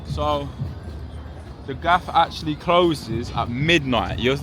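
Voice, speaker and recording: A man from the UK, a gold trader and trading mentor, talking casually to camera in an excitable, slangy way and swearing freely. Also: fairly high pitch, takes it slowly, music in the background. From United Kingdom. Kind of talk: casual vlog talk to camera. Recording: noisy background.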